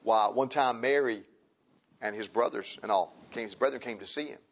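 A man preaching a sermon, impassioned and repetitive, swinging from loud emphasis to quiet pleading. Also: medium pitch, normal speed. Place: church. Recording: dull lo-fi recording.

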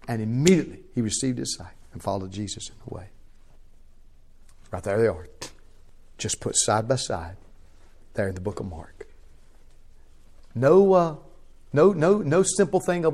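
A man preaching a sermon in a folksy, impassioned way, shifting from quiet to loud. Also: mid-range voice, lively intonation, normal speed, pauses often.

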